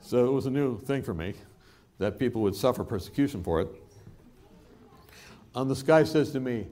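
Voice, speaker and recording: A man's voice: medium pitch, normal speed, long pauses. A male preacher giving a sermon in a church, telling stories with humor and laughter. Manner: animated storytelling with laughter.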